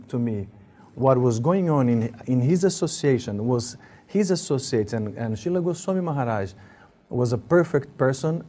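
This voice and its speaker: A man with an Italian accent, a guest recalling his life with his teacher, speaking in halting, repeated starts with a laugh now and then. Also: mid-range voice, mellow, slightly rough. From Italy. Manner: halting, restarts often, laughs as he tells stories. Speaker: interview guest. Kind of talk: casual spiritual reminiscence.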